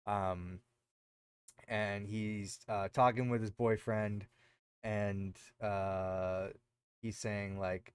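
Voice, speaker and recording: A man's voice: fairly low pitch, level tone, drawn-out words, smooth, no echo. A man co-hosting a podcast, casually recapping a show in a rambling way with lots of fillers. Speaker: podcast co-host.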